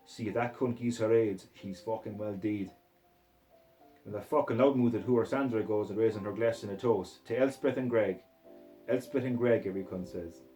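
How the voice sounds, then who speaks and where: A man's voice: fairly low pitch, moderate pace, mellow, soft background music, rough recording. A man reading a crude novel aloud in a put-on Scottish accent, in a profane, aggressive first-person voice. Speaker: reader.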